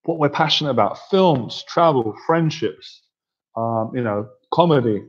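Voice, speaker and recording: A male dating coach chats casually with his group, playful and quick to laugh. His voice sits at a middling pitch. The recording is dull and lo-fi. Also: animated. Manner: chatty, playful, often laughing.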